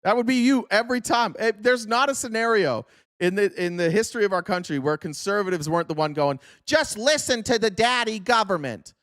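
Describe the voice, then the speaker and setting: A man live-streaming a political rant, arguing back at his chat in quick bursts. His voice sits fairly high for a man, and the sound is close and dry with no room echo. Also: a bit bright. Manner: argumentative, rapid-fire.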